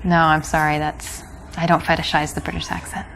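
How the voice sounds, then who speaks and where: A woman's voice: low voice, little pitch movement, a little fast, vocal fry, fairly bright tone, a little hiss or hum, poor audio. A woman playing a poised young woman who turns down advances in a dry, polite, unimpressed way. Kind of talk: game dialogue acting.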